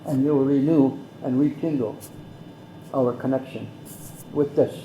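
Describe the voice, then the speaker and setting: An older man, slowly telling a traditional story as an elder guest, with measured, repeated phrases. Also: medium pitch, lo-fi sound, a little hiss or hum. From Mohawk Valley, New York. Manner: measured, repetitive, speaks some phrases in Mohawk. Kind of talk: slow oral storytelling. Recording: roomy echo.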